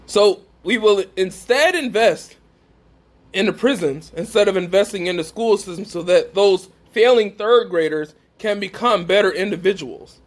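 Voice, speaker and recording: At a faith gathering, this speaker preaches emphatically to a live group and asks them questions head-on. His voice sits high, at a moderate pace.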